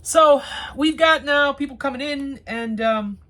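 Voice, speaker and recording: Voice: high voice, a little slow, pushed and bright. A TV reviewer chatting casually through an episode, with sarcastic asides and rambling restarts.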